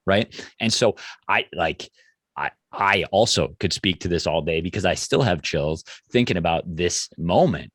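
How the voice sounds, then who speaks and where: A man's voice: low voice, breathy edge, no room sound, clean studio sound. A man hosting a podcast interview, speaking in a reflective, encouraging way. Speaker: podcast host.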